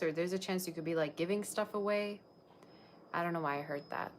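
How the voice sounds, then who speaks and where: A woman's voice: fairly low pitch, brisk, noisy background. A woman tarot reader chatting casually on a livestream, rambling and talking straight to her viewers.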